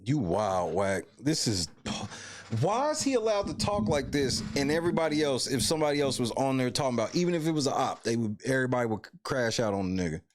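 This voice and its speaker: Incredulous man reacting, lively pitch. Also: fast, faint music behind. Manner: incredulous, questioning. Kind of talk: reaction commentary.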